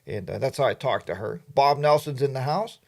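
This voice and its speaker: A man's voice: mid-range voice, normal speed, vocal fry. A middle-aged man hosting a casual livestream, chatty and playful, greeting viewers by name. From Pennsylvania, USA. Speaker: livestream host. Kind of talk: casual live chat.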